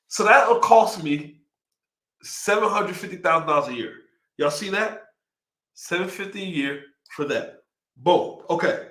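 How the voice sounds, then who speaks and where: A young man with a Texan accent hosting a casual livestream, excitedly reading out numbers and riffing on them. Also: fairly high pitch, moderate pace, roomy sound. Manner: excitable, hyped, reads figures aloud and riffs. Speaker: livestream host.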